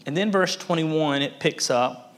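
Guy preaching a sermon, kinda high voice, earnest, hammers words over and over. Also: measured pace, a bit bright. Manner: earnest, emphatic, repeats words for stress. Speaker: pastor.

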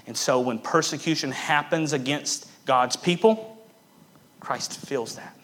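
A man preaching a sermon, swinging between loud emphatic bursts and hushed, quiet passages, repeating key phrases for emphasis. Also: medium pitch, unhurried, a little hiss or hum. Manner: emphatic repetition. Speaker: pastor.

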